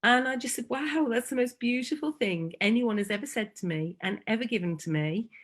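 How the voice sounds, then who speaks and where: A woman, a foster carer telling a heartfelt personal story, slow and emotional with frequent pauses. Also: on the high side, lively intonation. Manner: slow and emotional, pausing often.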